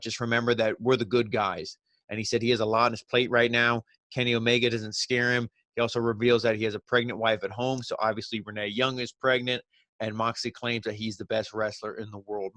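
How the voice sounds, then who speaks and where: Man, casual wrestling recap, rambling, flat voice, dry close mic. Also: mid-range voice, no echo. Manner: loose, rambling, heavy on "you know" and "like". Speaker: wrestling show reviewer.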